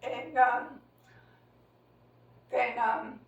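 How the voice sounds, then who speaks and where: A woman in her sixties talks through an old family memory, rambling and hesitant with many fillers and restarts. Her voice sits fairly high. She sounds distant from the mic, in an echoey room. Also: level tone, extremely slow, highs cut off, slight background noise. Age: 60s. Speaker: storyteller recounting family memory. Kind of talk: casual family conversation.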